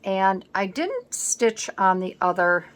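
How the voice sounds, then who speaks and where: A woman's voice: medium pitch, sing-song, slow, fairly bright tone. A woman talking casually at her craft table at home, thinking aloud as she works, recorded by a camera set on the table. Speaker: scrapbooking vlogger. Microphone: camera set up on the work table.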